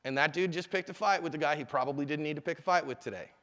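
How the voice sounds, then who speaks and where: A man's voice: a little high, rapid-fire. A middle-aged man, a self-defense instructor, giving a live seminar talk and telling stories animatedly, acting out the people in them. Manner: animated storyteller, acts out quotes. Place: convention hall. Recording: echoey hall reverb.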